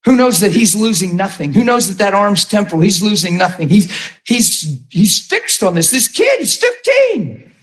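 A man preaching a sermon with passion, often shouting and repeating himself. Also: sits high, normal speed.

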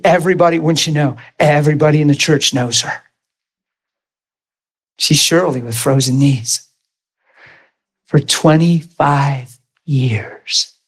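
A man preaching a sermon, telling a healing story with lively acted-out quotes. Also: breathy edge. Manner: animated storytelling, acts out quotes in high excited voice.

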